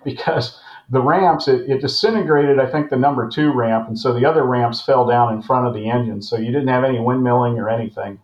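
A man's voice: mid-range voice, a little fast. Chuckling older man in a roomy space. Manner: rambling, chuckling. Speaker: former naval aviator guest. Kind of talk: casual storytelling. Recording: roomy, dull audio.

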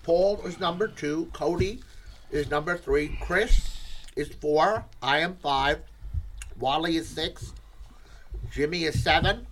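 A man with a bright, somewhat high voice lays out draft rules on a casual podcast. He sounds bossy and firm. A faint hiss of noise sits under his voice. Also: takes it slowly, low-quality recording. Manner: bossy rule-setting, talks while chewing. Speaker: podcast co-host running the draft.

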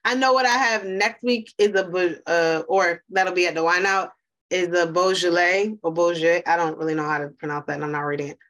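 A woman's voice: on the low side, a little fast, a bit bright. A woman co-hosting a casual podcast, thinking aloud hesitantly about wine. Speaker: podcast co-host. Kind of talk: casual chat.

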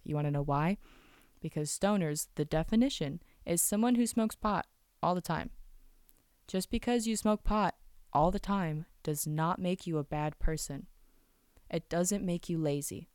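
A young woman talks casually to her listeners, chatty and enthusiastic, slipping into little acted-out scenes. Her voice sits a little low and sounds smooth and clear. The sound is close and dry. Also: a little mellow, no room sound. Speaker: podcast host. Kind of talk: casual solo podcast talk.

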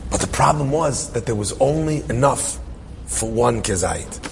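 A man's voice: mid-range voice, animated, normal speed, gravelly, a little hiss or hum. A man telling a dramatic story as a sermon, emotional and full of restarts and repeated phrases. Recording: reverberant hall with faint ambience.

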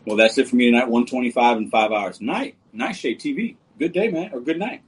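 A man's voice: mid-range voice, brisk, husky, poor audio. A man hosting a casual livestream, reading viewer comments and joking with them in a laid-back way. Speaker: livestream host.

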